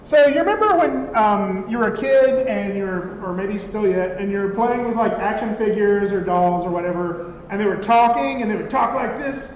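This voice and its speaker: A high-pitched man teaching a class in a conversational way, often checking with the room. The sound is echoey with a long reverb tail, a dull lo-fi quality and faint room noise. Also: expressive, moderate pace. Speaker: instructor. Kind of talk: classroom software lecture.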